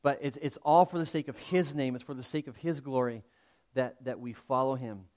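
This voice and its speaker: A pastor leading a fervent closing prayer in a church service, his voice swelling with passion and then falling to a hush. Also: mid-range voice, normal speed. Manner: impassioned, swelling then dropping to hushed. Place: church sanctuary.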